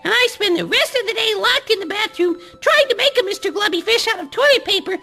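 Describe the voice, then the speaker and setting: A woman voicing a playful, childish male sock puppet who rambles and jokes mischievously, in a squeaky, gravelly voice. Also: expressive, fast, pushed and bright, faint music behind, heavily acted.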